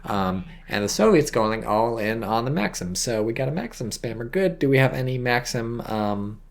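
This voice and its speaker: A tipsy man doing casual, rambling game commentary as a shoutcaster, swearing freely and making self-mocking asides. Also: medium pitch, animated, normal speed, gravelly. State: tipsy from wine.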